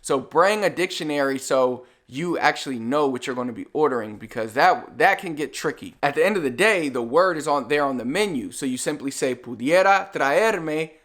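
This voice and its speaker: A young man giving a casual video lesson, talking in a relaxed, conversational way and slowing down to model each phrase. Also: mid-range voice. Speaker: Spanish teacher.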